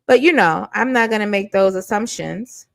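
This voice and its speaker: A woman's voice: mid-range voice, normal speed, gravelly, no room sound, poor audio. A woman giving blunt, sassy commentary on a reality dating show, casual and mocking.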